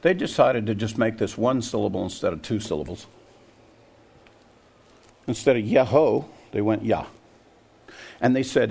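Gravelly older man preaching emphatically. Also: on the low side, lively intonation, moderate pace, pauses often, darkish tone. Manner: emphatic, asks the audience questions, scoffing. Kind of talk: sermon to a congregation.

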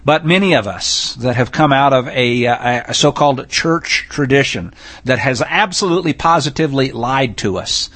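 A man's voice: medium pitch, moderate pace, a bit bright. A man giving a sermon-style Torah teaching, blunt and emphatic, reading scripture aloud with rising intensity.

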